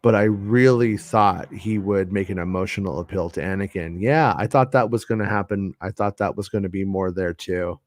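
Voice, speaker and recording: Casual podcast host: a deep-voiced man, halting, dry close mic. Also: a little mellow, no echo. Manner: hesitant, many restarts and fillers. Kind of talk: casual chat.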